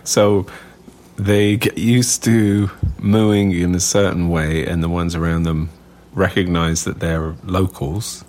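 A man's voice: sits low, little pitch movement, slow, darkish tone. A man co-hosting a podcast, chatting casually with an eager, musing manner. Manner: enthusiastic and musing. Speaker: podcast co-host. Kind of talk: casual chat.

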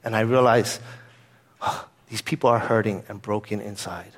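A man's voice: on the low side, fairly even intonation, a little slow. A man pastor giving a sermon in an earnest, conversational way, weaving in a personal story.

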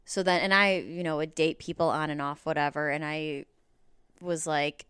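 A woman's voice: low voice, steady tone, moderate pace, a bit bright, clear, resonant tone, no echo, clean studio sound. A woman stand-up comedian as a podcast guest, talking candidly and self-deprecatingly, laughing easily. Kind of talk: casual interview chat.

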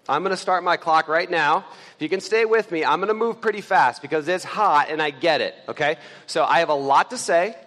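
A man with a slightly high voice delivers a relaxed, conversational sermon to his congregation. He talks earnestly, stumbling through fillers and restarts, and the sound carries a long reverb from the church hall. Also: fairly quick. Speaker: pastor and church elder. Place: church sanctuary.

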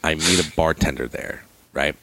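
A man's voice: moderate pace, vocal fry. A man from northern New Jersey telling a rambling, profane story in casual chat, acting out what other people said. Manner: swings high and loud when quoting others.

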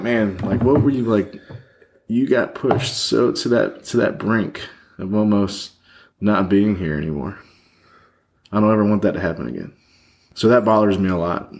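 A man's voice: on the low side, a little mellow. A man as a podcast guest, telling a candid personal story in a rambling way with many fillers, sitting across a table from the host.

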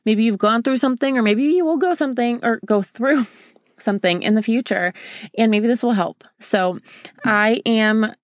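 A woman's voice: fairly high pitch, normal speed, dry recording. A young woman hosting a podcast, talking openly and emotionally to her listeners as if chatting with a close girlfriend. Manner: open, emotional, confiding, addresses listener as a girlfriend. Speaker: podcast host. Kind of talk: casual heartfelt podcast talk.

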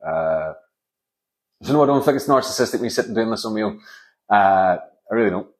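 A middle-aged man rambles through a solo comedy podcast. His voice sits somewhat low as he rants, sweary and sarcastic, with lots of restarts. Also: animated, fairly quick.

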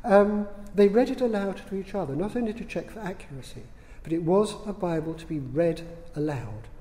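A man lectures to an audience in a large hall, dry and witty, pausing on the odd "um." His voice sits a little high for a man yet sounds mellow and warm. A long reverb trails each phrase. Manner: dry, witty, unhurried, with fillers. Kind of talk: public lecture.

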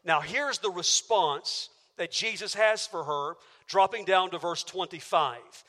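A man with a high, bright, ringing voice preaches a sermon in a church auditorium. He is emphatic and stacks up rhetorical questions. The sound carries a long reverb from the large hall. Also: measured pace. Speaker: pastor.

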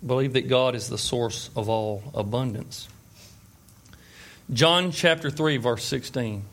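Male preacher, relaxed storytelling sermon, asks the room questions. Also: medium pitch, slow. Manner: conversational storytelling with fillers and asides; checks in with the listeners. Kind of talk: informal sermon.

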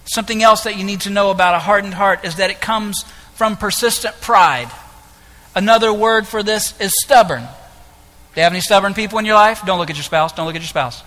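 A man preaching a sermon as pastor, impassioned, moving between hushed lines and loud ones. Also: sits high, fairly quick. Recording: echoey hall with long reverb.

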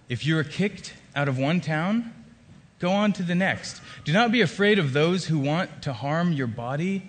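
A man putting on a solemn spiritual teacher who warns his followers with emphatic, earnest phrasing. The voice sits at a middle pitch and close to the storyteller's own. A long reverb hangs behind it as in a big hall. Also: close to an everyday voice.

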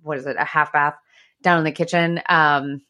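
A woman's voice: low voice, steady tone, moderate pace, sharp tone. A woman hosting a podcast, chatting candidly and swearing freely as she tells stories about parenting. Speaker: podcast host. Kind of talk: casual chat.

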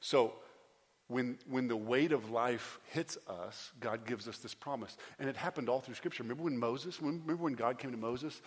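A man in his thirties preaching an earnest sermon as pastor, often restarting phrases and building to loud, emphatic pleas. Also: mid-range voice, moderate pace, slightly rough. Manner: frequent restarts and repeated phrases. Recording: preached in a large reverberant hall.

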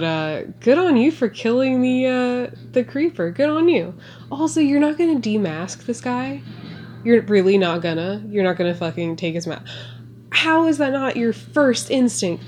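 A woman talking casually as a podcast host, reacting excitedly and sarcastically to a movie with lots of swearing. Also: fairly high pitch, moderate pace.

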